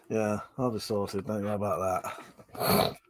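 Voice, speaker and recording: A man's voice: on the low side, flat delivery, takes it slowly, slight background noise. A man with a cold, sniffling and coughing, hosting a casual live stream where he reads out viewer comments, swearing and laughing often.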